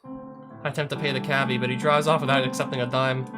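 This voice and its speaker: A man reading a visual novel aloud as a let's play host, breaking off for sardonic asides with swearing, with soft guitar music behind him. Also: medium pitch, flat delivery, quick pace.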